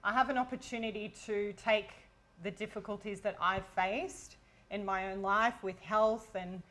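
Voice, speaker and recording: A woman co-hosting a relaxed panel show. She speaks with earnest, heartfelt sincerity, like an actress and presenter sharing from the heart. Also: medium pitch, a little slow. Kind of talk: casual panel chat.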